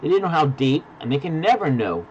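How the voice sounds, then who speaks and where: A man preaching a sermon as pastor, dropping to hushed, deliberate lines and building to loud emphasis. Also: fairly high pitch, very animated, muffled recording, a little hiss or hum. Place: virtual church service.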